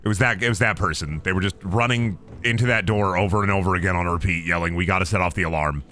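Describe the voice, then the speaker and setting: A man streaming a game, talking in goofy, excitable, profanity-heavy commentary. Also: deep voice, quick pace. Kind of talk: casual gameplay commentary.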